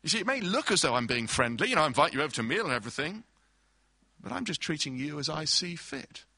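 A man's voice: fairly high pitch, very animated, quick pace, pushed and bright, no room sound. A man preaching a sermon, explaining scripture through everyday illustrations and acted-out quotes.

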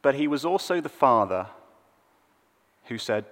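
A male preacher delivers a sermon with a lively, rising and falling pitch, telling the story expressively and going quiet at sad points. His voice carries a long reverb from a large church hall. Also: a little slow. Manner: expressive storytelling, dropping soft on sad moments.

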